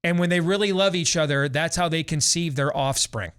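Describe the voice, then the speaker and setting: A man's voice: a little high, brisk, a bit bright, clean tone. A man in his forties hosting a talk show, ranting sarcastically and theatrically in opinionated commentary. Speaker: host.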